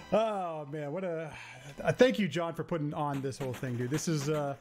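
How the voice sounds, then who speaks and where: A man's voice: fairly high pitch, normal speed, darkish tone. A man giving upbeat, chatty live commentary on his speedrun, explaining as he plays. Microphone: quiet home streaming mic. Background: game music.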